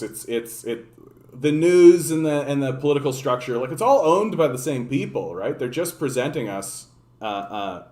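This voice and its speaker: A man's voice: fairly high pitch, a little mellow. A man giving a casual political rant as a streamer, sarcastic and profane, rambling with fillers and restarts. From Canada. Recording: echoey room.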